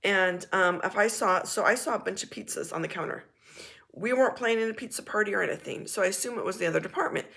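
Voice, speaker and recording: Gravelly-voiced woman telling a frank story. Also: medium pitch, fast talker. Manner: frank, animated, blunt with occasional swearing. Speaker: vlogger. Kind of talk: casual storytelling monologue.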